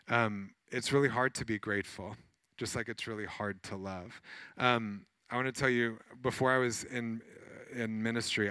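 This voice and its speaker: A man, a pastor, preaching a sermon in a conversational, animated way with many fillers as he tells personal stories. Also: mid-range voice, clean tone, dry recording.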